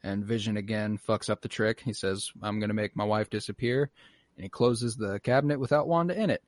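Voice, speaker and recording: A man with a fairly low voice co-hosts a casual pop-culture podcast. He recaps scenes in an animated way, often slipping into the characters' lines and swearing freely. The sound is dry and close, with little room in it. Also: fairly quick, no room sound. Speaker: podcast co-host.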